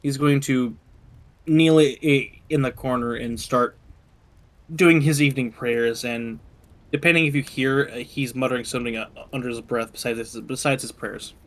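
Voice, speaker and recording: A man playing a tabletop game, describing what his character does in a halting, casual way. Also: mid-range voice, steady tone. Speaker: player.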